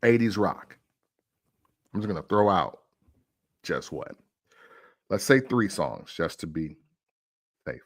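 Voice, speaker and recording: A man's voice: low-pitched, sing-song, slow pace, long pauses. A man hosting a casual music talk show, arguing playfully and laughing often.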